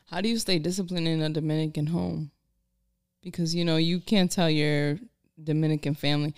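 A woman with a fairly low voice chats casually on a podcast. She asks questions and adds quick remarks as the others talk. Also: fairly even intonation. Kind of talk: casual chat.

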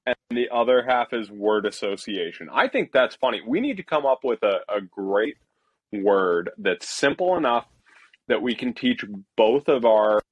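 A man's voice: mid-range voice, lively intonation, moderate pace, dry recording, muffled recording. A man co-hosting a podcast in casual, jokey, rambling chat. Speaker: podcast co-host.

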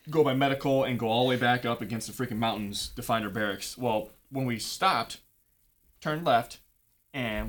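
A man's voice: medium pitch, fairly bright tone. Profane young man spinning a story. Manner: profane, laid-back storytelling. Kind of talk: casual anecdote.

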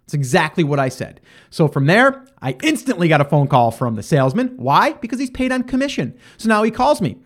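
A male podcast host telling a story in a casual, animated way, acting out the back-and-forth of conversations with lots of fillers and restarts. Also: fairly high pitch, a little fast. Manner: animated, acts out quoted exchanges.

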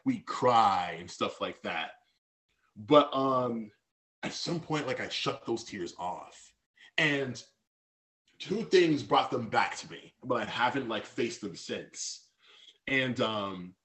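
A man's voice: fairly low pitch, fairly bright tone. A man as a podcast guest, speaking candidly and reflectively about personal feelings, with many fillers and restarts.

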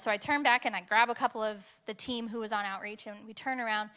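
A young woman preaching a sermon, telling a personal story in an animated way and rising to bursts of intensity. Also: fairly high pitch, brisk, hardly any pauses, clear, resonant tone.

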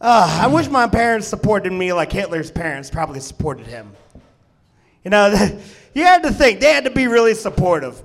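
A man's voice: sits high, very animated, normal speed, creaky. A man in his twenties doing a profane, self-deprecating stand-up set at a comedy club. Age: 20s.

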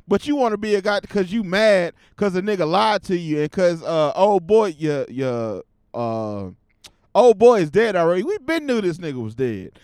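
A young adult man hosting a podcast alone, talking casually in a slangy, profane way and getting loud and fired up as he rants. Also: high voice, big pitch swings, moderate pace, clear, resonant tone, no room sound, clean studio sound. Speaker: podcast host. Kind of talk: casual solo podcast rant.

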